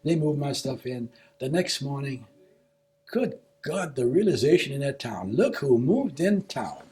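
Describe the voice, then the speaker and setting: An older man being interviewed for an oral history, recounting his past in a casual, animated way and acting out the dialogue. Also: mid-range voice, measured pace, slightly rough. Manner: animated storyteller who acts out quoted dialogue. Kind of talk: casual spoken recollection.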